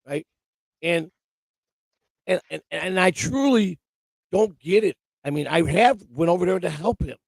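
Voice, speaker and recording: Gravelly stammering man on a live stream. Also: high voice, expressive, measured pace, long pauses, dry recording, poor audio. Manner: stammering, repeats himself, teasing. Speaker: co-host. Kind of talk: casual live-stream banter.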